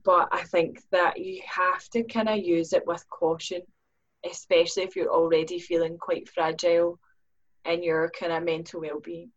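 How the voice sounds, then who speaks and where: A woman's voice: on the low side, normal speed. Woman, podcast guest, earnest, acts out inner voices, slightly muffled sound. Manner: earnest, acts out her own inner questions in lively voices. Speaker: guest, business owner. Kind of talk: podcast conversation.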